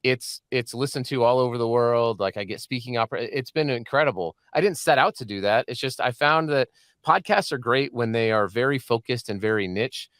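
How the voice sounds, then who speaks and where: Chatty podcast host, smooth clear voice. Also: male voice, medium pitch, brisk, fairly bright tone, no echo, clean studio sound. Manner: joking, chatty, laughs often. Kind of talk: casual interview chat. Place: home studio.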